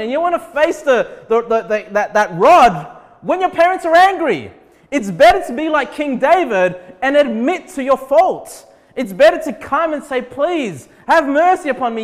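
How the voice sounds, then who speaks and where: A pastor preaching an emphatic sermon to a congregation with kids, often checking in with "okay?" and "right?". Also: male voice, very high-pitched. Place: church. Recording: long hall reverb.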